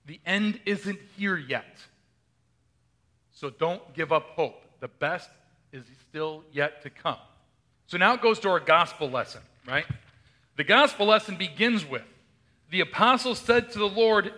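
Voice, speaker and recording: A man's voice: high voice, animated, a little slow, pauses often, pushed and bright. A male pastor giving a conversational sermon, reading scripture aloud and often asking the congregation questions.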